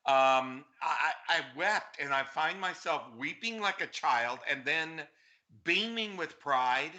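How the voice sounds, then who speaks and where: A man speaks as a political guest on a talk show. His voice is very bright and edged, pitched a little high, and he talks in an effusive, earnest way. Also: animated, slow pace.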